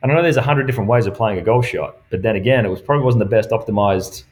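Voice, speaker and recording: A middle-aged man, a golf professional telling stories in casual chat, lively and often laughing as he acts out what others said. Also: fairly low pitch, fast. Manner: animated, acts out quoted dialogue, laughs often.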